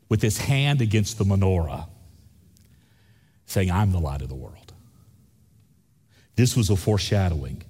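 A man preaching a Christmas sermon, telling stories slowly with repeated phrases. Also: medium pitch, a little mellow, breathy edge, in a large hall. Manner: slow storytelling with repeated phrases. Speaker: pastor.

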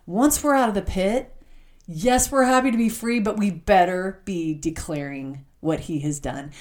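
A woman giving a heartfelt devotional talk, reading scripture aloud and speaking with open emotion. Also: mid-range voice. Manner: reads scripture aloud slowly.

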